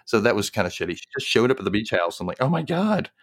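A man in casual chat about a book, talking quickly and animatedly and acting out the characters' lines as he goes. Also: lowish voice, a bit bright. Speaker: book discussion co-host.

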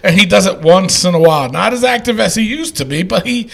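A man with a gravelly, lively voice hosts a casual podcast. He rambles along with plenty of fillers and restarts, his pitch sitting fairly high. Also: fairly quick. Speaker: podcast host.

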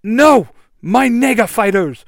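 A man voicing a gloating four-armed male monster villain with a slow, taunting delivery. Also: a little high, sing-song, a bit bright, no echo, clean studio sound, exaggerated voice. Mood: dismayed.

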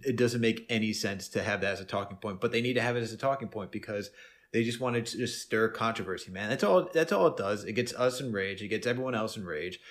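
A man co-hosting a podcast in casual sports chat. He talks in an animated way and often says "man" and "bro". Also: fairly low pitch, fast talker. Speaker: podcast co-host.

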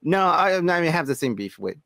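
A laughing podcast co-host whose pitch leaps all over the place, high-ish and close. He swears casually through loose banter in a dry, close sound. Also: sing-song, fast, vocal fry, bright, forceful tone, no room sound.

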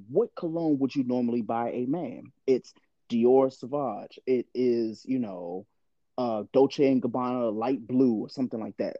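A man hosting a casual podcast, giving loud, profane, animated reactions to voicemails. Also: medium pitch, dry recording, muffled recording. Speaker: podcast host reading voicemails.

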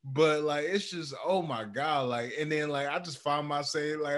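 A young man co-hosting a podcast in casual chat, animated and dropping into quoted voices as he tells stories. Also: on the high side, moderate pace. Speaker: podcast co-host.

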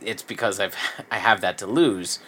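A man's voice: on the low side, normal speed, bright, forceful tone, breathy edge. A man co-hosting a casual podcast, laid-back, with laughing asides. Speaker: podcast co-host. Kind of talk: casual chat.

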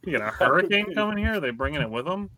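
A man's voice: a little high, very animated, racing, sharp tone, a little hiss or hum. A man hosting a casual sports podcast, leading the talk and handing turns to his co-hosts. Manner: leads the talk, hands turns to others. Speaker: podcast host.

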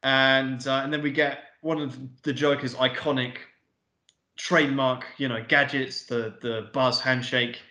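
A man co-hosting a film review podcast, talking casually and excitedly, swearing and acting out scenes. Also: medium pitch, unhurried, echoey room, muffled recording. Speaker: podcast co-host.

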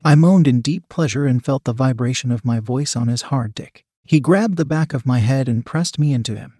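A man reading an erotic story aloud in the first person, steady and unhurried. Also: mid-range voice, slightly rough, no echo, clean studio sound. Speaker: story narrator.

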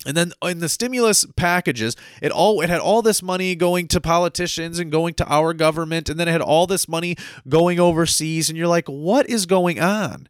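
A man's voice: fairly high pitch, steady tone, fairly quick, few pauses, clean tone, no echo, clean studio sound. A man from the United States delivering a heated, ranting monologue, often tagging his points with "right?" and tripping over repeated words. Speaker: commentator.

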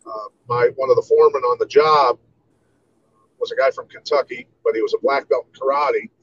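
A man's voice: mid-range voice, brisk. 50s guy from iowa, laid back storytelling, mid voice, kinda lo-fi with faint hiss. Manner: relaxed storyteller, many "you know"s. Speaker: guest, martial artist. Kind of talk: casual interview storytelling.

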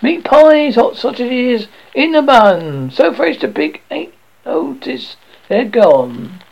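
A man's voice: very high-pitched, sing-song, slow, gravelly, voice pushed up, heavily acted. A man reading aloud, voicing a brash male street vendor crying his wares. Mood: hawking. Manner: loud hawking patter. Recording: dull lo-fi recording.

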